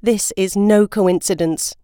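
Storybook daughter, high and inquisitive, woman reader doing the voice; lively lilt, dry close read. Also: slow pace, no room sound, exaggerated voice. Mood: skeptical. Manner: high, bright questioning voice. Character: young daughter Iris, curious and skeptical.

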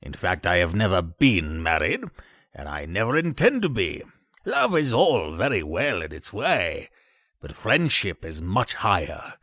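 A man's voice: sits low, sing-song, measured pace, bright, forceful tone, no room sound, clean studio sound, heavily acted. A man voicing a pompous, self-important old male water rat in a storybook reading.

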